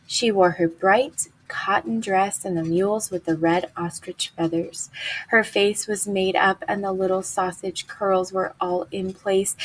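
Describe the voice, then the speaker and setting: A woman reads a novel aloud at a steady, unhurried pace, with a husky, breathy voice. She sounds like a teacher guiding a class through the book. The delivery is even and clear. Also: medium pitch, poor audio.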